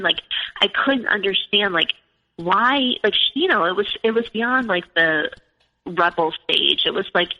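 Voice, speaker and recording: A woman's voice: mid-range voice, expressive, measured pace. Woman, 40s, podcast guest; chatty storyteller, constant fillers; lo-fi, reverberant audio. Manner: chatty, fills speech with "like" and "you know". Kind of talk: personal storytelling in conversation. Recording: lo-fi with long reverb.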